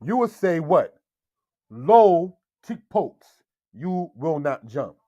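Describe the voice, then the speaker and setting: A man teaching Hebrew in a slow, deliberate lesson style, often checking in with "all right?" and calling his viewers family. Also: fairly high pitch, very animated, a little mellow, no echo, lo-fi sound. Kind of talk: slow screen-share language lesson.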